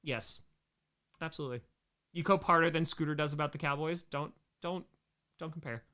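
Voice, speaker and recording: A man hosting a live stream, reacting to his own home videos with excitable, self-mocking jokes. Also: a little high, moderate pace. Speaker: streamer host.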